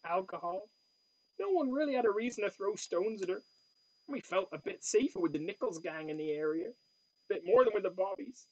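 A man's voice: sits high, pitched above the performer's own voice, poor audio. A man voicing a weary lodging-house woman in her fifties with a Cornish accent, telling her story in a wistful, broken way.

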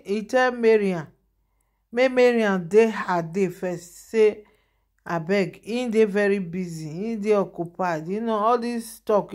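A woman's voice: mid-range voice, a little mellow. A woman with a Nigerian accent hosting her own channel, chatting casually and animatedly as she shares celebrity gossip and laughs often.

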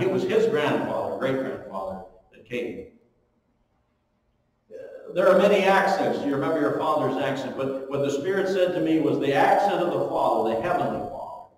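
A man preaching a sermon as pastor, telling stories with big swings between loud and soft passages. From eastern Ontario, Canada. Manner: storytelling, animated with strong rises and drops in pitch and volume. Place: church hall. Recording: echoey hall, recorded from far off.

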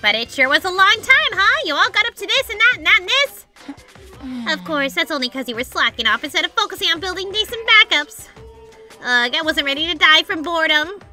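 A woman's voice: very high-pitched, very animated, fast talker, bright, forceful tone, faint music behind, pitched above the performer's own voice, exaggerated voice. Woman doing a teasing bear headmaster. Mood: taunting. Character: mocking bear headmaster, mischievous and theatrical.

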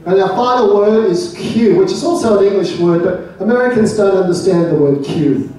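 A man's voice: sits high, moderate pace, dark tone. A man with an Australian accent giving a joking talk to a live audience at a club meeting, leading chants. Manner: jokey, leads audience chants. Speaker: presenter at an expats club meeting. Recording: echoey hall, mic from far off.

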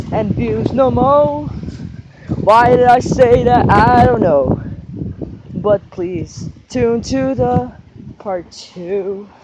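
A man voicing every character in a homemade skit, swinging between excited yelling and low mumbling. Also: dull audio, very noisy. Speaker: video maker voicing all characters.

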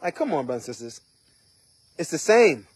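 A man's voice: on the high side, sing-song, a little fast, husky, dry recording. A man preaching an informal sermon in a conversational way, often asking "right?" and "you know". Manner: conversational, repeats rhetorical questions.

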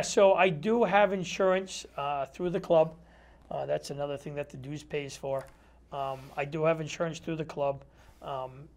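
A man who is a metal detectorist, a guest in a casual interview chat in a TV studio, telling stories, acting out dialogue and using many fillers. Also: fairly high pitch. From Connecticut. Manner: storytelling, acts out quoted dialogue; chatty, many fillers like "you know". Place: community TV studio.

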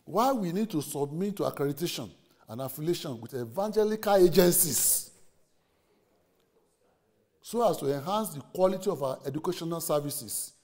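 A man's voice: a little high, lively intonation, moderate pace, a little mellow. A middle-aged man from Nigeria, giving an earnest, pleading conference address as a seminary leader and listing his points one by one. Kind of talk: formal conference speech.

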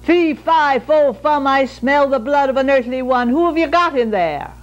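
A woman's voice: sits high, lively intonation, normal speed, muffled recording, voice pushed up. A woman voicing a terrible male giant who chants menacingly and relishes threatening to eat children.

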